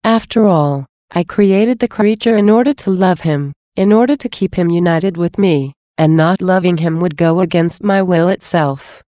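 A woman voicing Jesus as a gentle, loving divine speaker, in a slow, measured devotional reading. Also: on the low side, no echo, clean studio sound, close to an everyday voice. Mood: tender.

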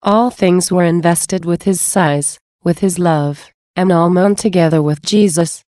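Slow, reverent woman reader. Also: lowish voice, dark tone, no echo, clean studio sound. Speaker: reader of devotional writings. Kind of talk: devotional reading aloud.

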